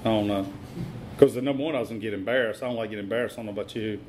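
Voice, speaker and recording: A man's voice: on the low side, a little mellow, slight background noise. Blunt man telling his recovery story. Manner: blunt, plain-spoken, halting with many fillers. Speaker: recovery meeting speaker. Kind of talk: personal testimony at a meeting.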